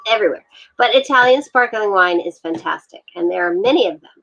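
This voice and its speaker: A woman guest on a video call talking about wine with a relaxed, enthusiastic manner and frequent fillers. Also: medium pitch, brisk, gravelly, dull audio. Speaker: guest, wine communications expert. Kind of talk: casual interview over video call.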